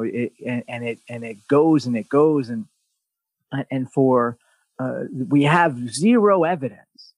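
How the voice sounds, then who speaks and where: Male podcast host, slightly high voice, dry close sound; blunt, profane and sarcastic storyteller. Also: no room sound. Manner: sarcastic, mocking asides. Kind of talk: casual podcast chat.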